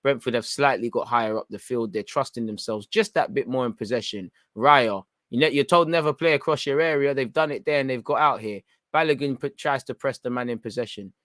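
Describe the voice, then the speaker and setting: Young man hosting a fan watchalong, bright tense voice, urgent match reactions, dry close sound. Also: mid-range voice, brisk, few pauses, dry recording. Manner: excitable, urgent, coaching the players. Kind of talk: live match reaction commentary.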